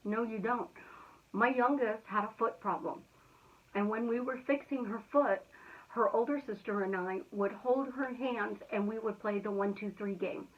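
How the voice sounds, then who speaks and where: A woman giving an energetic, emphatic motivational talk in a chatty way. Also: a little high, normal speed. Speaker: motivational speaker. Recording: tinny phone-like sound.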